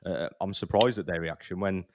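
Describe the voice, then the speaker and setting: A man's voice: low-pitched, a little fast, background noise. A man hosting a casual podcast chat, speaking hesitantly as he searches for his words. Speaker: podcast host.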